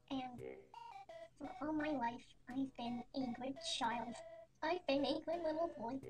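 A woman narrating a parody storytime in a quiet, deadpan, mock-serious way. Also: high-pitched. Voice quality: quiet, soft-spoken. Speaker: storytime animator. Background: faint music.

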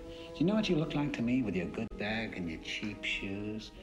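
A cultured, menacing psychiatrist killer. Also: male voice, lowish voice, very animated, normal speed, music in the background. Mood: cold and mocking. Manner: soft, precise and menacing, slipping into whispers. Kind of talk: film dialogue.

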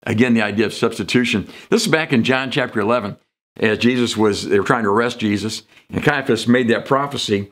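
A man's voice: mid-range voice, fairly quick, fairly bright tone. Man preaching a casual conversational sermon. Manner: conversational, jumps into quoted voices for emphasis. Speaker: pastor. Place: church sanctuary.

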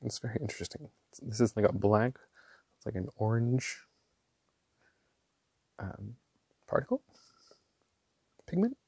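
A man chatting casually while swatching inks, gushing and excitable, with slangy talk and lots of fillers. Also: fairly low pitch, measured pace, vocal fry, long pauses, husky, no room sound. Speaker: ink swatching vlogger.

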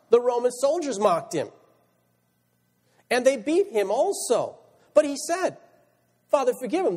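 Male pastor, high animated delivery, reads verses and asks rhetorical questions, reverberant church recording. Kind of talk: sermon. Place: church sanctuary.

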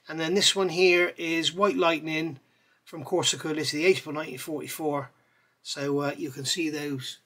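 A man reviewing scale model parts in a chatty way, pausing with fillers and correcting himself as he goes. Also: a little high, bright, forceful tone. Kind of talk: casual product review.

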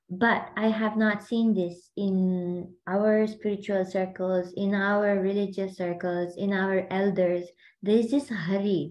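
A woman's voice: mid-range voice, darkish tone, rough recording. A woman hosting and coaching a group on a video call, talking in a chatty, rambling way full of fillers. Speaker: host and mindset coach.

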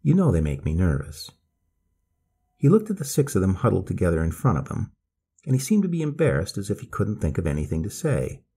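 A man reading a story aloud in a slow, measured manner. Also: fairly low pitch, wildly swooping pitch, dark tone, slightly rough.

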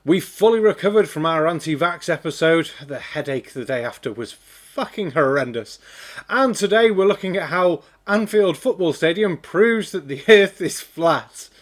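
A man's voice: a little high, expressive, moderate pace. A man from Wales, hosting a sarcastic, swearing reaction commentary. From North Wales. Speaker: host.

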